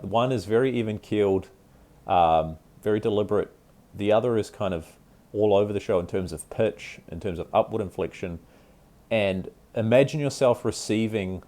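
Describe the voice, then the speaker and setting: Low-voiced man giving casual sales tips. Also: warm tone. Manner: casual, conversational, frequent fillers and "right?" check-ins. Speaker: sales trainer. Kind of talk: instructional talk.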